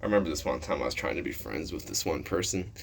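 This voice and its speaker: A man's voice: rumbling low, expressive, fast, creaky, slight background noise. A man telling rambling school stories in a casual vlog, full of fillers and swearing. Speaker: vlogger. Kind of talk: casual storytelling.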